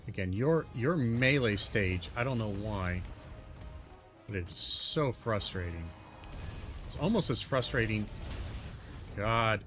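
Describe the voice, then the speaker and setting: A man narrating his own gameplay, muttering and cursing in exasperation, with sudden loud outbursts. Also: on the low side, lively intonation, slow, pauses often, faint music behind. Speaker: gaming video host. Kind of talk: let's-play commentary.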